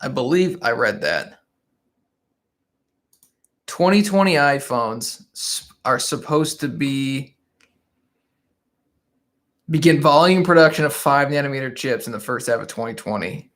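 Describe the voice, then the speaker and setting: Reading viewer comments on a relaxed livestream, this man laughs frequently as he chats into a desk mic. His voice is mid-range and a bit bright with lively intonation, and he talks a little slowly with long pauses.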